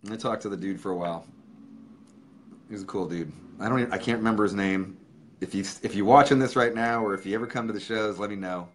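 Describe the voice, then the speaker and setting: A man hosting his own livestream, telling an emotional story in a casual, profane way. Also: low-pitched. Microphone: webcam or phone.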